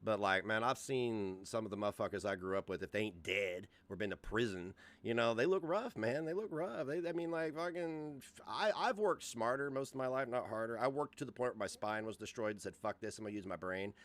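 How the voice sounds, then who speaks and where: A man's voice: on the low side, expressive, brisk, few pauses, a bit bright. A man in his forties giving profane, confrontational commentary as a live streamer. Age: 40s.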